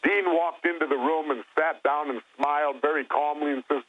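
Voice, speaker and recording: A man's voice: fairly high pitch, normal speed. A man speaking as a guest in an interview, telling stories in a blunt, plain-spoken way. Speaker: guest, former governor. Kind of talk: phone-in interview talk. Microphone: telephone. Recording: tinny phone line.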